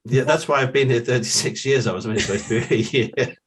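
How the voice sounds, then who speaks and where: A middle-aged man with a London accent, a guest who tells long stories in a relaxed way and often repeats his opening words. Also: medium pitch, fast, slight background noise. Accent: London English. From England. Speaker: guest, forensic accountant. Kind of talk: relaxed storytelling.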